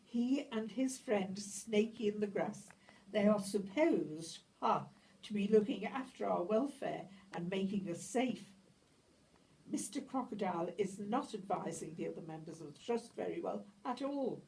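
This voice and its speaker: Worried puppet lady, a woman doing the voice, slow, heard from a distance with soft hiss. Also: medium pitch. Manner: anxious, exclaiming, indignant. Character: worried fretful female puppet character. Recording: distant mic, faint room hiss.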